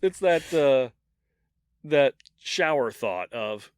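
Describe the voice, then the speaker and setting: A man's voice: medium pitch, slow, clean tone, no room sound, clean studio sound. A man co-hosting a podcast, telling grim history stories in a casual, joking way. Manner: animated storyteller, jokes about grim details. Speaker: podcast co-host.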